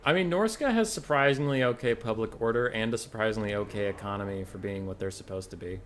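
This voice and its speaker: A man's voice: lowish voice, quick pace, a little hiss or hum. A man streaming a strategy game, chatting casually and joking with friends. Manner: laid-back, joking, laughs often. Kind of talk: casual gaming chat.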